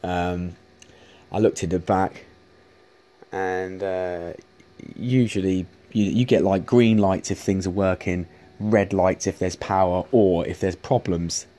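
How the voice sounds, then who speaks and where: A man's voice: low-pitched, steady tone, slow pace, warm tone. A man chatting casually to camera, rambling with many restarts and casual swearing. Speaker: vlogger showing arcade machines.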